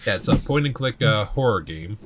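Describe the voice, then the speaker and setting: A man's voice: lowish voice, lively intonation, brisk, background noise. A man co-hosting a let's play, chatting casually about games with lots of fillers, restarts and swearing. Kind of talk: casual chat while gaming.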